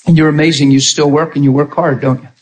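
High-voiced animated male pastor. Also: fast, rough recording. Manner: animated, acts out quoted voices. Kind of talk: lively sermon.

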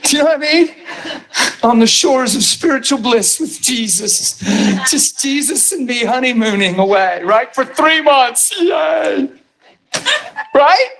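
A man preaching a sermon and telling his testimony in an animated storytelling manner, bursting into shouts at times. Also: extremely high pitch, a little slow, vocal fry.

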